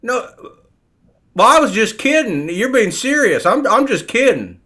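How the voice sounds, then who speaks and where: A man's voice: very high voice, big pitch swings, measured pace, pushed and bright, heavily acted. A man doing an impression of a bossy older male TV psychologist who prods and mocks the other man, repeating his name. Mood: mocking. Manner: prodding, mocking, repeats the other man's name.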